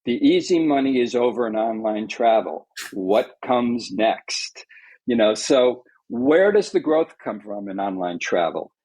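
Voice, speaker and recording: A man's voice: mid-range voice, a little mellow, husky, poor audio. A man with a New York accent chatting on a podcast as an editor, opinionated and full of fillers and restarts. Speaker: executive editor and interviewer. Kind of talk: casual podcast chat.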